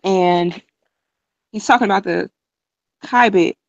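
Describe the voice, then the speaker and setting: Slow creaky woman, hesitant. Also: mid-range voice, no echo, muffled recording. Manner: hesitant, many "um"s. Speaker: study group participant. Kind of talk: asking a question on internet radio.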